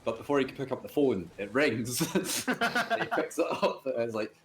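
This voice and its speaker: A man's voice: mid-range voice, sing-song, moderate pace, noisy background. A man casually joining in on a stream, giggly and riffing with frequent laughs. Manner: giggly, riffs with laughs and restarts. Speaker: stream co-host. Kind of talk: casual banter.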